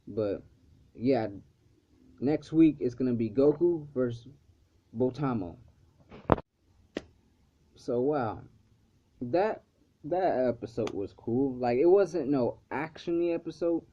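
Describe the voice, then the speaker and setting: A man's voice: medium pitch, animated, slow pace, long pauses, dark tone. A man casually recapping a cartoon episode, rambling with lots of fillers and swearing freely. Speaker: episode reviewer. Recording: slightly dull lo-fi recording.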